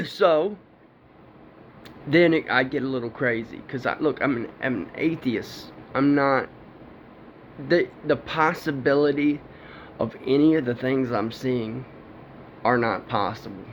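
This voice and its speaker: With a mid-range voice, a man speaks at a measured pace, leaving long pauses, as he tells a rambling, foul-mouthed story of a personal encounter, laughing often. The audio is dull and lo-fi with faint background noise.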